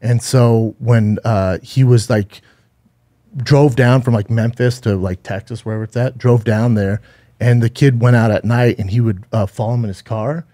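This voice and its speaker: A man co-hosting a podcast retells a story in loose, casual chat. His tone is warm and mellow. He swears freely and keeps restarting his sentences as he rambles along. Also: mid-range voice, steady tone, moderate pace. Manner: rambling, profane, with frequent restarts. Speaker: podcast co-host.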